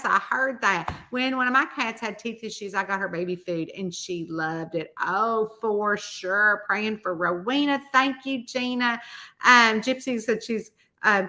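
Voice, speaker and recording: Chatty bright-voiced woman. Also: mid-range voice. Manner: chatty, rambling storyteller, folksy, addresses viewers as y'all. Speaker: mystery author hosting a live chat. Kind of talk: casual live-stream chat reading comments.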